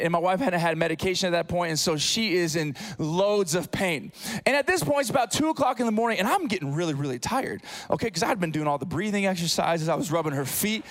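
A man with a high, bright pitch preaches to his congregation in a church. He tells stories with energy, dropping low and quiet, then rising loud. He sounds like a pastor in his thirties. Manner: animated storytelling, swinging from hushed to loud. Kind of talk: sermon. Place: church sanctuary.

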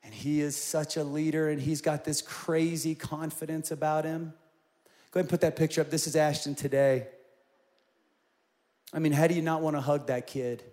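A man in his forties preaching a sermon, telling personal stories in an animated way and rising to loud, emphatic peaks. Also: on the high side, moderate pace. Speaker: pastor.

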